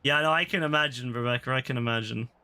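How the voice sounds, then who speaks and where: A young man giving chatty, excitable casual commentary while playing an online game, full of fillers and quick laughs. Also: medium pitch, smooth. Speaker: gaming streamer.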